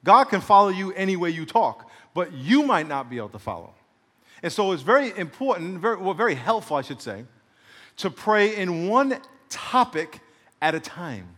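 Pastor, male, fairly high voice, preaching in a big echoing hall. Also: very animated, normal speed. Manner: preaching with call-and-response, then softly guiding prayer. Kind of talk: sermon.

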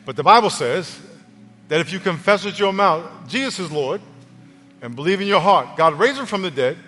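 Earnest male pastor, slightly high voice. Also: expressive, normal speed, bright, forceful tone. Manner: earnest, conversational preaching. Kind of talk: sermon and altar call. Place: church auditorium. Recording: long church reverb, faint music.

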